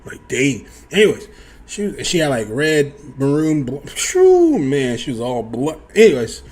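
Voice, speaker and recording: A young man telling a casual story to his viewers, animated, acting out the other people in high voices and swearing freely. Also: unhurried. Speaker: storyteller vlogger.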